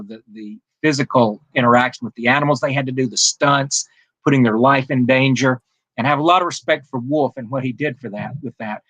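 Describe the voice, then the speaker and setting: A man's voice: medium pitch, fairly bright tone, no echo. A man speaking as the guest author in an interview, in an earnest and thoughtful way. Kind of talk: interview conversation.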